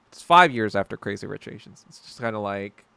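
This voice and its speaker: Male podcast host from New York with a gravelly, tense voice, rants in a sarcastic, profane way, casual chat. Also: on the low side, expressive, a little fast, pushed and bright, no room sound. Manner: rambling, profane, sarcastic ranting. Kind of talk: casual livestream chat reading viewer comments.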